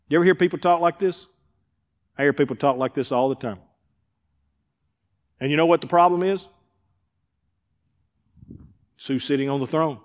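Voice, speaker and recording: A man preaching as a pastor, who acts out the people he quotes and swings between loud and hushed delivery. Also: fairly high pitch, fairly quick, long pauses, in a large hall. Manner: preacher acting out quoted voices, rising and dropping in volume. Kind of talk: sermon. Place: church sanctuary.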